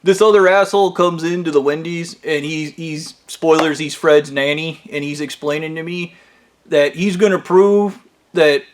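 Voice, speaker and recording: A man's voice: fairly high pitch, fairly even intonation, moderate pace. A man telling a rambling, profane comedic story about his workplace in a conspiratorial tone.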